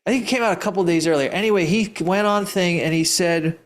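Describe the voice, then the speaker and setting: This man's voice is high-pitched and quick. Teaching investing, he answers audience questions live in a rambling, emphatic, story-driven way, laughing often and frequently restarting sentences.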